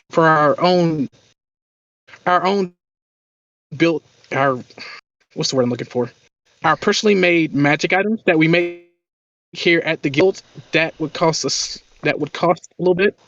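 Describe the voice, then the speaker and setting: A man's voice: fairly high pitch, a little slow, pauses often, a bit bright, no room sound. A man narrating as game master, rambling with lots of filler words. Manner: rambling, full of "you know" fillers. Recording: dull lo-fi audio.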